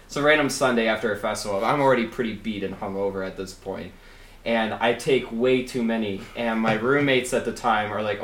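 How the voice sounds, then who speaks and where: A young man, a podcast guest, telling stories in a casual chat, animated and laughing often. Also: on the low side, moderate pace. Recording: roomy echo, faint background noise.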